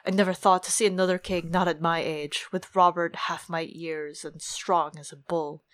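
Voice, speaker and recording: A woman voicing a gruff old male military commander who rumbles and grumbles his orders. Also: steady tone, normal speed, no room sound, lightly acted. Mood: grave.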